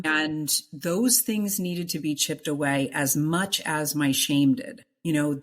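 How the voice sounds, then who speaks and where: A middle-aged woman with a deep, low voice appears as an interview guest. She shares an emotional personal testimony of her faith with earnest conviction, pressing her points and repeating words for emphasis.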